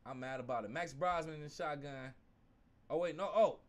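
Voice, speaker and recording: A young man hosting a live-stream sports watch-along, casual and slangy, switching between low mumbled asides and loud outbursts at the plays. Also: moderate pace. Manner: excitable, swings from mumbling asides to shouting at the game; uses slang like fam and bro.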